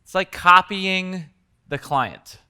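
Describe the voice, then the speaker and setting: A man's voice: sits high, slow, bright, forceful tone, clear, resonant tone. A man teaching coaches at a live workshop in a conversational way, acting out bits of example dialogue. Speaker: coaching trainer.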